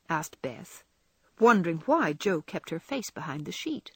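A woman narrates a classic storybook with an expressive, lively delivery. Her voice is slightly husky and the recording is close and dry. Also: low-pitched, measured pace, no echo. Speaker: audiobook narrator.

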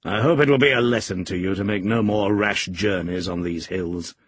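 A man voicing a stern, gruff master of the house. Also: fairly low pitch, normal speed, no room sound. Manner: stern, clipped.

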